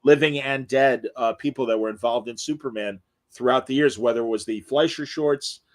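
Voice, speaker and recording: A man's voice: mid-range voice, moderate pace, no echo. A man co-hosting a casual chat, enthusiastic and chiming in with facts. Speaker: co-host.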